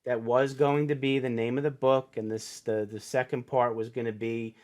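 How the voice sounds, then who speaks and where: A middle-aged man speaks as a podcast guest in an earnest, heartfelt way. He acts out the people in his story as he goes. His voice sits at an ordinary pitch, neither high nor low. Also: little pitch movement, normal speed, darkish tone. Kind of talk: casual storytelling interview.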